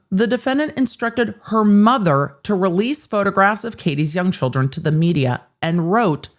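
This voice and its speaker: A woman's voice: mid-range voice, lively intonation, normal speed, few pauses. A woman hosting live legal commentary, sarcastic and blunt, and she swears freely. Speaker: host.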